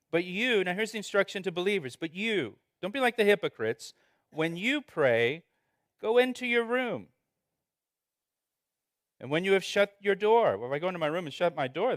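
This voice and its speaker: A man's voice: fairly high pitch, fairly bright tone, dry recording, studio quality. A man preaching an expository sermon as pastor, earnest and conversational, often restarting and repeating words.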